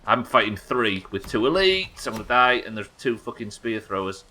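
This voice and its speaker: Casting note: male game streamer from the UK, lowish voice with a bright edge, rambling and sweary. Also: sing-song, normal speed. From United Kingdom. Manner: rambling, swears a lot, chats with viewers. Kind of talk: live game commentary.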